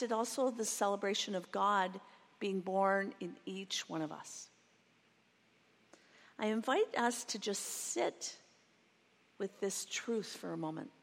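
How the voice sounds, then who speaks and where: A woman preaching a sermon in a slow, reflective way, reading a passage and then going over it again. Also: mid-range voice, vocal fry. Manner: slow, reflective, reads a quoted passage twice. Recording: long reverb of a large hall.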